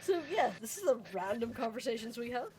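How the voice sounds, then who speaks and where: A woman's voice: on the high side, very animated, brisk, darkish tone. Giggly woman with a raised voice. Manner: laughing, teasing banter. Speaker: player. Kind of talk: casual chat at a tabletop game.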